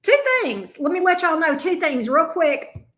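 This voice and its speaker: High bright Southern woman hosting a stream. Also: animated, unhurried, echoey room. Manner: chatty, greets viewers by name. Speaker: tarot reader hosting a live stream. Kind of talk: casual live-stream chat.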